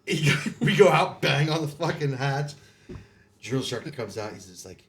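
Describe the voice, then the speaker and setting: Swearing and laughing, an ex-Marine guest on a podcast recounts bawdy tales from boot camp in a casual way, performing the voices in his quotes. He has an animated, mid-range voice and a moderate pace.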